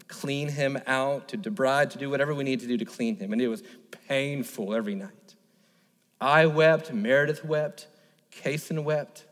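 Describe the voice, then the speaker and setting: A pastor in his thirties preaches an earnest sermon, his voice sitting in an ordinary middle pitch for a man. He tells a personal story and then builds to urgent, repeated phrases. The sound carries the long reverb of a large hall. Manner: earnest, storytelling with rising emphatic repetitions.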